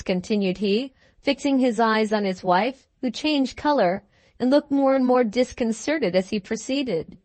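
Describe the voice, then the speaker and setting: A woman reading a classic novel aloud as an audiobook narrator, in an even, measured manner. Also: a little high, dry recording. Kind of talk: scripted narration.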